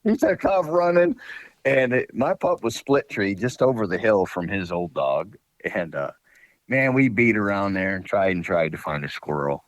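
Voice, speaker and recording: A man's voice: low-pitched, lively intonation, normal speed, no echo, rough recording. A man guest on a podcast, telling hunting-dog stories in a rambling, folksy way with lots of fillers. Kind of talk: casual storytelling.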